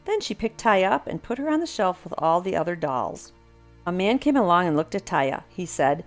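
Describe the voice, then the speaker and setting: Older woman narrator, children's story, expressive read-aloud, faint music under. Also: lowish voice, normal speed.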